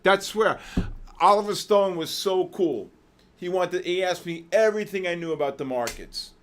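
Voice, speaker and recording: A man hosting a live trading session, excitedly shouting out viewers' names with heavy market jargon, then dropping to weary muttering over questions. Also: moderate pace. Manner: drops to low, weary muttering while reading questions. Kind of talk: live trading-stream commentary.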